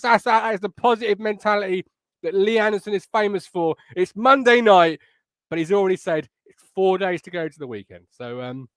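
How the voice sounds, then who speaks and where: A man's voice: high-pitched, no room sound. A man hosting a live fan podcast, chatty and upbeat as he reads out comments from the live chat. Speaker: podcast host.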